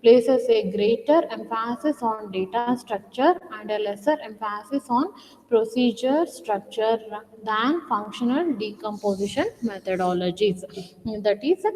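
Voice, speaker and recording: A woman's voice: fairly high pitch, expressive, measured pace, dark tone, a little hiss or hum. Woman lecturing in a reverberant hall. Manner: repeats points, rhetorical questions. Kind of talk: recorded lecture.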